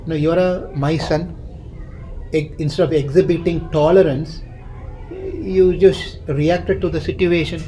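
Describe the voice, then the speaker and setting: A man's voice: on the high side, steady tone, unhurried, dark tone, a little hiss or hum, lightly acted, rough recording. A man voicing an elderly sage who scolds his son in a reproachful, lecturing way.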